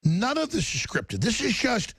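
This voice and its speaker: A middle-aged man hosting heated political talk, combative and fast, mocking people with put-on quotes. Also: high-pitched, huge pitch swings, fairly bright tone, slightly rough, no room sound. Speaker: talk show host.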